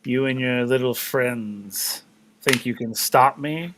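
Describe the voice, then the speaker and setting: A man voicing a deep, ominous male spirit who taunts and threatens in a slow, resonant voice. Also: background noise, close to an everyday voice. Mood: menacing. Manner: menacing, taunting.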